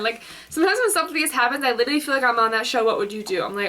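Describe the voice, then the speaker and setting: A woman's voice: fairly high pitch, expressive, very fast, few pauses, sharp tone. A young woman telling a work story in a casual storytime vlog, chatty and full of "like.". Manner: chatty, filler-heavy, with lots of "like". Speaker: vlogger.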